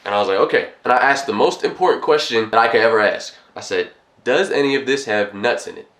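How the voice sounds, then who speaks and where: A young man who is a college vlogger, telling a rambling, animated storytime with lots of quoted back-and-forth. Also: medium pitch, quick pace, reverberant. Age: young adult. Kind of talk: casual storytime.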